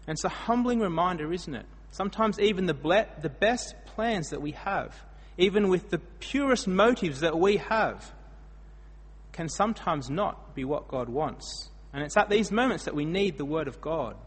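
An Australian man delivers a storytelling sermon, his voice husky and set a little high. He swings between loud emphatic bursts and quiet asides. The sound rings out in a hall with a long echo. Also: expressive, normal speed. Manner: storytelling, dramatic swings in loudness. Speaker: preacher.

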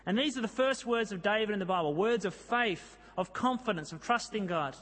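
Man, preacher, sermon, high voice, lively storytelling, long hall reverb. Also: fairly quick. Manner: lively storytelling, dramatic scripture reading.

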